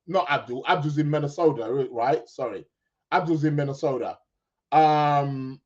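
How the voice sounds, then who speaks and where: A man's voice: on the high side, dull audio. A man hosting a casual live-stream chat, rambling with fillers, laughs and self-corrections. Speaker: podcast host.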